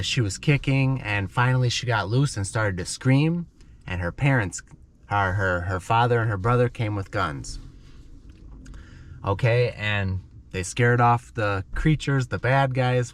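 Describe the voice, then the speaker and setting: A man's voice: on the low side, measured pace. A man teaching English to learners by telling a dramatic story in simple words, often checking in with "okay?".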